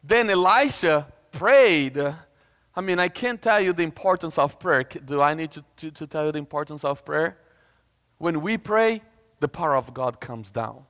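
A male preacher giving a lively sermon, retelling a story casually and acting out the voices of its people. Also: fairly high pitch, normal speed, big-room sound. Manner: animated storytelling, acts out voices, casual asides.

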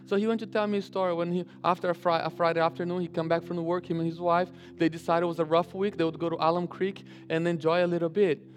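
A male pastor preaching a sermon and telling a story, animated, often restarting and repeating his phrases. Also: on the high side, quick pace, hardly any pauses, big-room sound, faint music behind. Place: church sanctuary.

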